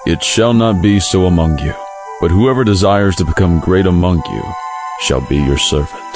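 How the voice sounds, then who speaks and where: A man playing Jesus in a dramatized scripture reading, speaking in a measured, solemn, grave way. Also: sits low, close to an everyday voice. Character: Jesus, calm authoritative male teacher. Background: music underneath.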